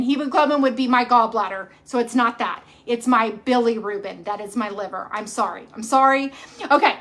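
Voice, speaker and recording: High-voiced chatty woman. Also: normal speed, a bit bright. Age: 40s. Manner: rambling, chatty, self-correcting. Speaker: cooking channel host. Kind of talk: casual livestream chat.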